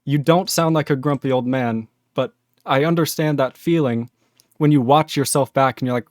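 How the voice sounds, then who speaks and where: A man hosting a programming livestream, chatting casually and excitably, rambling with quick laughs. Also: a little high, dry recording, clean studio sound. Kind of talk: casual livestream chat while coding.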